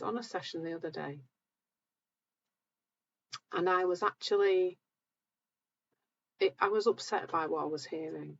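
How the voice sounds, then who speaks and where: A calm, gentle woman hosting a live session, talking reassuringly to viewers while sounding a bit tired. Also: on the low side, measured pace, vocal fry, pauses often, husky, dull audio. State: tired, low energy. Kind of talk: live-stream talk answering viewer comments.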